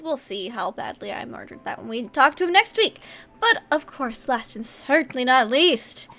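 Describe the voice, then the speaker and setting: A woman's voice: high voice, very animated, fairly quick, fairly bright tone. A woman hosting and running a tabletop game stream, signing off in a bubbly manner with frequent laughs. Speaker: host and game master. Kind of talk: casual stream sign-off.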